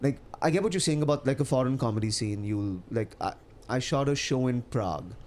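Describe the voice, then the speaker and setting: A man with an Indian accent, a comedian chatting as a podcast guest, animated and quick to laugh. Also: medium pitch, slight background noise. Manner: animated storyteller, laughs often, many restarts. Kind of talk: casual podcast chat.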